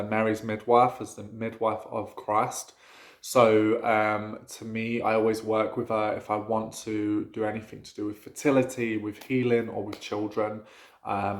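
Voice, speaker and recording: Gravelly-voiced man chatting casually. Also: fairly low pitch, echoey room. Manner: rambling, chatty, frequent fillers and laughs. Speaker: witchcraft vlogger. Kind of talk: casual talk to camera.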